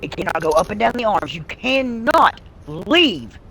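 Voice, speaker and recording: Blunt, foul-mouthed streamer woman with gravelly voice. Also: mid-range voice, sing-song, unhurried, a bit bright, slight background noise, low-quality recording. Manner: blunt, heavily profane, emphatic. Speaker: livestreamer. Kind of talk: casual storytelling on a live stream.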